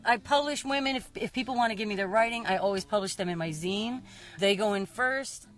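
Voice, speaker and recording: A woman who fishes commercially, chatting casually and reading her own story aloud, with lively jumps in pitch when she quotes people. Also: a little fast, faint music behind. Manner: lively, mimics other people's voices with sharp pitch jumps. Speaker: commercial fisher and zine publisher.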